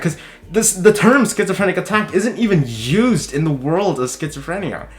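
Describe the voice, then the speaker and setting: A man talking in a casual commentary vlog, heated and swearing, his voice jumping high when he is worked up. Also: animated, moderate pace. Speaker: video commentator.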